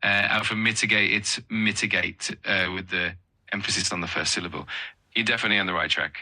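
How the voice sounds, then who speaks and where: Bright, low-voiced encouraging male tutor. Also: fairly even intonation, quick pace, rough recording. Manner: encouraging, upbeat, offers more help. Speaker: English vocabulary tutor. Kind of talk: patient explanation.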